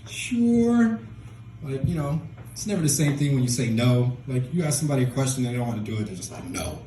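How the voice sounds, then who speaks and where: Deadpan stand-up comic, man, mellow dark voice, rambling self-deprecating delivery, echoey small club with faint hum. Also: mid-range voice, racing. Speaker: stand-up comedian. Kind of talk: open-mic stand-up set.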